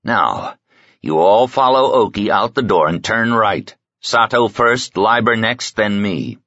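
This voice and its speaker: A man doing a gruff, impatient kidnapper chief who barks orders and threats in a low, husky voice. The audiobook sound is dry and a little dull. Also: expressive, unhurried, sharp tone, no echo, heavily acted. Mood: menacing.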